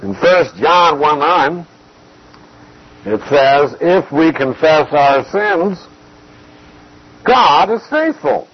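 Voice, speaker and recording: A man giving an expository Bible teaching, measured and emphatic, repeating key phrases to drive points home. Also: fairly high pitch, sing-song, husky, lo-fi sound.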